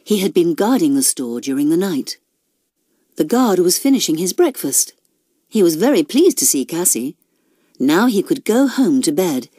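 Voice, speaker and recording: A woman narrating a children's storybook in a slow, expressive way. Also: on the low side, husky, no echo, clean studio sound. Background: background music.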